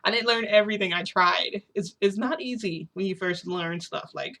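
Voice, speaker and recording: A woman's voice: medium pitch, moderate pace, fairly bright tone. A young adult woman telling a story in a casual, rambling, filler-heavy way.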